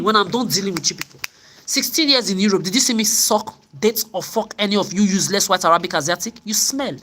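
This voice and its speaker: A woman's voice: mid-range voice, fairly bright tone, slight background noise. A middle-aged woman, delivering an angry, confrontational monologue to camera, repeating herself as she rants. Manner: confrontational, ranting, repetitive. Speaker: vlogger.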